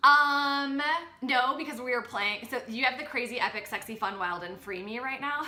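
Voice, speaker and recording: A woman talking as a podcast guest about spiritual growth, animated and expressive, acting out her inner voices. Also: a little high, moderate pace, echoey room. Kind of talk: spiritual coaching conversation.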